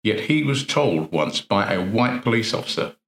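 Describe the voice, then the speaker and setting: Earnest low-voiced man coaching. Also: big pitch swings, normal speed, a bit bright. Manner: earnest, rhetorical questions, repeats phrases for emphasis. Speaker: NLP practitioner and coach. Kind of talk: motivational talk. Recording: roomy echo.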